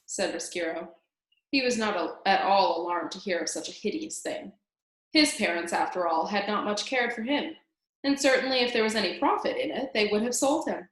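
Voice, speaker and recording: A woman reading a children's novel aloud in an expressive way, speaking directly to the listener as "reader". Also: mid-range voice, normal speed. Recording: roomy echo.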